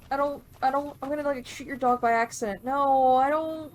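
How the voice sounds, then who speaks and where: A woman's voice: high-pitched, fairly even intonation, fairly quick, few pauses, slight background noise. A young woman playing a game and commenting casually, flustered, panicky and swearing as she fumbles through it. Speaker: let's play gamer.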